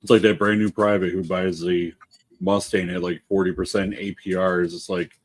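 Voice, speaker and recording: A man with a fairly low voice co-hosts a casual veterans' chat. He tells profane army stories and acts out the voices of the people in them. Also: little pitch movement, moderate pace. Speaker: co-host.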